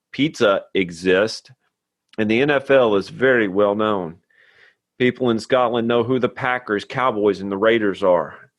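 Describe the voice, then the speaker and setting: A podcast host who speaks in a low register with plain earnestness. The sound is dry and close, with no room in it. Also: male voice, dry recording. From Tennessee, USA. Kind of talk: scripted intro then casual chat.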